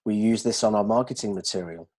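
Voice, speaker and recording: A man explaining communication ideas to colleagues in an animated way, checking that they follow. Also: on the low side, fast. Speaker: dental communication trainer. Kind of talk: explanatory discussion.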